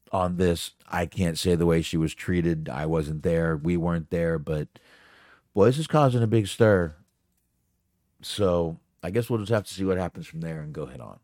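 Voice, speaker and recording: A man's voice: low voice, a little mellow, no room sound, clean studio sound. A man hosting a solo podcast, talking off the cuff in a rambling, profane, casual way. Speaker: podcast host.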